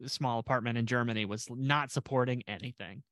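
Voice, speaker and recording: A man's voice: medium pitch, brisk, fairly bright tone, no echo. A man co-hosting a podcast in casual chat, rambling with lots of restarts and dry jokes. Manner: rambling, restarts a lot, self-deprecating jokes. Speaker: podcast co-host.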